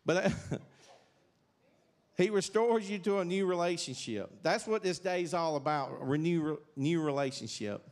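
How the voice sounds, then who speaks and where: Middle aged southern guy telling his church testimony, kinda high pitched, rambly and folksy with lots of fillers. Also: expressive, normal speed, a little mellow. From South Carolina, USA. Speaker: church speaker giving testimony. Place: church sanctuary.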